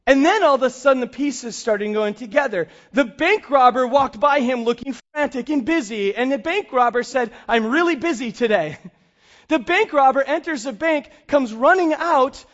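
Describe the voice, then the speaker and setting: A male pastor preaching a sermon and telling a story with lively acted-out dialogue. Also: very high-pitched, normal speed, dull audio. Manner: animated storyteller, acts out dialogue.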